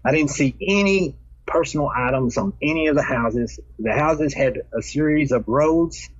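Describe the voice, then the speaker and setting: A man's voice: fairly high pitch, moderate pace, breathy edge, dry recording. A man telling a personal experience in a rambling way, with many restarts and repeated words. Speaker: storyteller recounting a personal experience. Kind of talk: rambling first-person storytelling. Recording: dull, dry, lo-fi recording.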